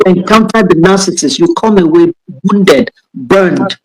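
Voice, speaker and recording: A woman's voice: on the low side, lively intonation, a little slow, slightly rough, poor audio. Emphatic Nigerian woman pastor. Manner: repeats key words for emphasis. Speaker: pastor and guest speaker. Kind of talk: emphatic conversational teaching.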